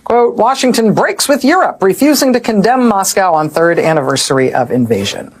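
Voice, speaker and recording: A woman's voice: medium pitch, animated, fairly quick, husky. A woman hosting a news show, giving sardonic, incredulous commentary.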